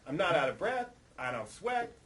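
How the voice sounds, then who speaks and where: Punk singer guy telling a wild story, swears a lot, high bright voice jumping all over. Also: very animated, moderate pace, poor audio. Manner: profane, rowdy storyteller who acts out quotes. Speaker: punk band singer being interviewed. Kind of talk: animated anecdote telling. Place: record label office.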